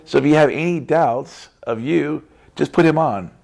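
A man's voice: a little high, normal speed, creaky, darkish tone. A man giving a casual Christian testimony talk, emphatic and repetitive, often tagging his sentences with "right?". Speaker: Christian speaker.

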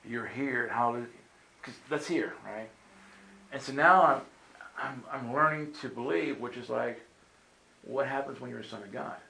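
A male preacher tells a long story to a gathered crowd, switching into character voices as he goes. His voice sits at an ordinary middle pitch. The hall around him is roomy and echoing. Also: normal speed, vocal fry, pauses often. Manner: animated storyteller acting out voices. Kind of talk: storytelling sermon. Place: meeting room with audience.

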